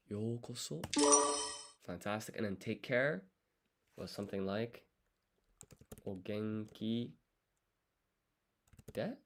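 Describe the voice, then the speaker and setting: A man thinking aloud through a language study session, sounding out foreign words slowly syllable by syllable and muttering self-corrections. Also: mid-range voice, animated, a little hiss or hum. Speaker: language learner streaming his study.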